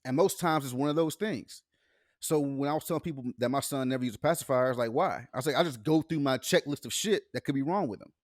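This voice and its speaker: A man's voice: medium pitch, quick pace, no room sound, studio quality. A man in his thirties co-hosting a casual comedy podcast, telling stories and laughing often. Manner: storytelling, laughs often, acts out quotes. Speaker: podcast co-host.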